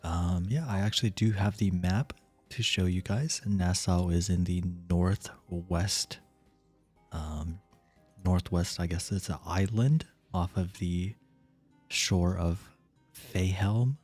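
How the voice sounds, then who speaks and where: Slow, low-voiced, husky man. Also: faint music behind. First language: not English. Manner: slow, soft reading voice, laughs often. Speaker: stream host. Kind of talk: casual stream chat.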